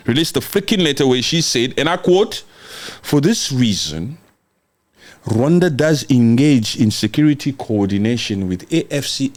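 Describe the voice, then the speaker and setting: A young man delivers heated political commentary, jumping between scolding, sarcasm and mock quotes. His pitch swings widely as he hammers each point. The delivery is emphatic and confrontational throughout. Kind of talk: ranting commentary reading a document.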